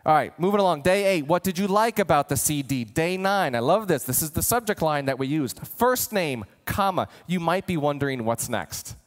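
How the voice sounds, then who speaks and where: A man giving an energetic marketing training talk, animated and acting out imagined customers. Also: fairly high pitch, moderate pace, hardly any pauses, big-room sound. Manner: animated, voices imagined customers, gets worked up. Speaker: marketing coach.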